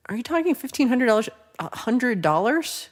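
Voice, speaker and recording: A woman's voice: on the high side, big pitch swings, normal speed. A woman hosting a casual livestream, chatting, teasing and laughing as she reads viewer comments. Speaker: livestream host.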